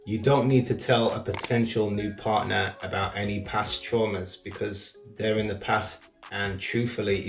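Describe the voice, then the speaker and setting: A man hosts a reaction commentary in a low, gravelly voice. His advice comes out blunt and matter-of-fact. The room rings with echo, and faint music plays under him. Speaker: commentary host.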